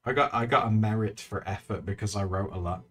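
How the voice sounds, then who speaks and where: A man's voice: lowish voice, fairly quick, fairly bright tone, soft background music. A man streaming while he draws, chatting casually with viewers, thanking them and telling stories with plenty of laughter. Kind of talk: casual chat while drawing.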